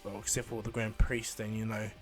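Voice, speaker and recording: A man casually improvising a fan story retelling, rambling and halting with fillers. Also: fairly low pitch, monotone, faint music behind.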